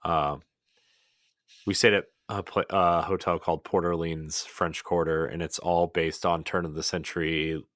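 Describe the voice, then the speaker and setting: A man with a very low, deep voice talks loosely on a podcast, wandering through his thoughts with plenty of fillers and restarts. His voice is recorded close and dry, with no room sound. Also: little pitch movement, normal speed, fairly bright tone, no room sound. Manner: rambling, many "like"s and restarts. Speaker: podcast co-host. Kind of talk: casual podcast chat.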